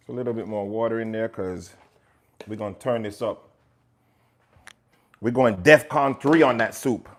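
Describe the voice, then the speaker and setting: Chatty Jamaican chef, joking with viewers. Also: male voice, medium pitch. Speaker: chef hosting a livestream. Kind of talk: casual live cooking chat.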